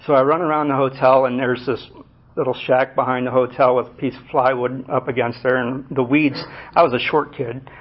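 Halting man telling his life story. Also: mid-range voice, fairly even intonation. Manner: halting, many fillers and restarts. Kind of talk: personal testimony to a group. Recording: muffled lo-fi recording.

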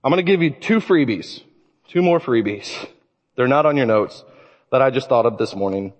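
A man preaching a sermon, telling stories in an animated way. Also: mid-range voice, moderate pace. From Illinois. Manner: animated storytelling. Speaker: pastor. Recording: reverberant church hall.

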